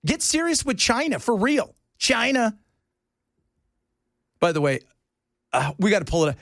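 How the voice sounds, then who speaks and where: A man hosting a talk radio show, rambling in a casual, animated way from topic to topic. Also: sits high, measured pace, gravelly, no echo, studio quality.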